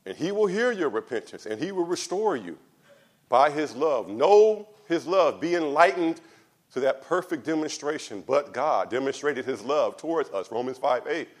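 An impassioned male pastor delivering a sermon, his fairly high voice rising to loud, stretched-out pleas. He calls out to the congregation, then sinks into low, quiet urging. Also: animated, moderate pace.

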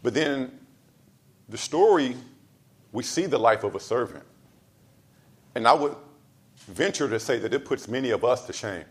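A pastor delivering a sermon, driving points home with repeated lines and swinging between loud emphasis and soft asides. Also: male voice, medium pitch, lively intonation, moderate pace, long pauses. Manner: casual storytelling asides.

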